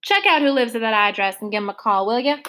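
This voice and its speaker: A woman reading a novel aloud, voicing a calm male police officer who speaks quietly and evenly. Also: a little high. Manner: quiet, measured.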